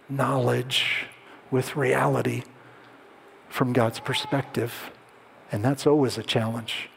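A male pastor delivers a sermon in a voice of ordinary pitch, shifting between lively storytelling and quiet, hushed emphasis. His words ring out with a long reverb, as if spoken in a church hall. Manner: storytelling, drops to soft hushed tones for emphasis.

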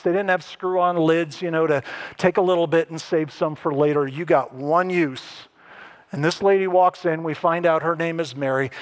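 A man preaching a sermon as a pastor, conversational with wry asides and lively emphasis. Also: fairly high pitch.

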